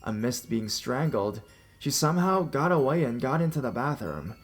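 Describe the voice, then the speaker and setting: A man reading a first-person horror story aloud, telling it in an expressive way with small restarts. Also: medium pitch, moderate pace, husky, soft background music.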